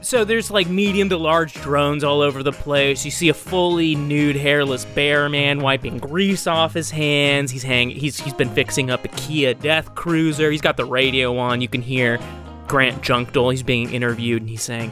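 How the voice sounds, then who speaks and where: An animated game master narrating a comedic tabletop game with playful energy. The voice is bright and sharp, with faint music underneath. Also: medium pitch, normal speed.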